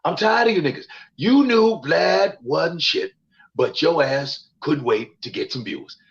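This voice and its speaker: A man's voice: on the high side, animated, unhurried, gravelly, highs cut off. A male comedian in a casual livestream chat, ranting and swearing with lots of repetition over a remote call. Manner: profane, ranting, repeats himself. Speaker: comedian guest.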